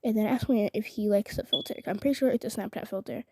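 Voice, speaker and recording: Speaking to the camera, a young vlogger rambles through a story with indignation, frequently dropping to a whisper and saying "like" again and again. Her mid-range voice moves quickly with vocal fry, and there's noise in the background.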